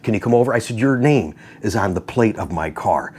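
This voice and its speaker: A man hosting a car channel, telling a story to his viewers in a casual, animated way, acting out quotes and laughing often. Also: lowish voice, brisk, husky. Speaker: host of a car video channel.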